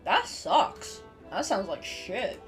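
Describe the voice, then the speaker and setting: A woman streamer chatting casually while playing, excitable and sweary. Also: mid-range voice, takes it slowly. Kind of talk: casual live-stream gaming chat. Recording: stream with game music behind.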